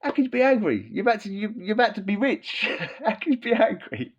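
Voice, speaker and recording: A man, a former prisoner, hosting a podcast in a blunt, animated, swearing rant. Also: sits high, brisk, husky. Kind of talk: casual ranting monologue. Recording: dull lo-fi sound.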